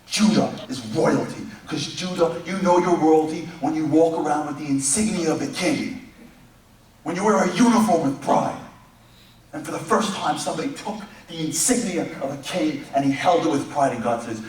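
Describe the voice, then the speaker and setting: A man giving a humorous speech in a synagogue hall, telling stories as an animated storyteller who acts out characters in comic voices. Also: medium pitch, fast, a little hiss or hum. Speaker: speaker. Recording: distant echoey hall recording.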